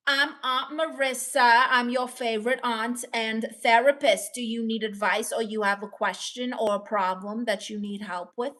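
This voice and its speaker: A woman's voice: a little high, steady tone, moderate pace, few pauses, fairly bright tone. A woman live streamer reading viewer comments aloud and answering them with playful, self-mocking jokes.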